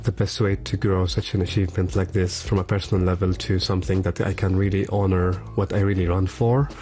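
A man's voice: deep voice, flat delivery, brisk, mellow, soft background music. A man speaking as a guest in a radio interview, answering hesitantly with fillers and restarts. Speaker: interview guest, charity run organizer.

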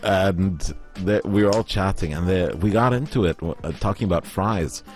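A man's voice: low-pitched, moderate pace, darkish tone, soft background music. A man from Oman co-hosting a casual chat, telling stories and acting out what people said. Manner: storytelling, puts on voices when quoting people. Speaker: podcast co-host.

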